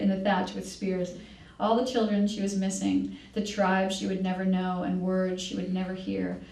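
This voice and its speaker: An author reads from her novel at a library event in a low, dark voice with gravelly fry. Her reading is measured, with occasional self-corrections. She sounds distant, in an echoey room.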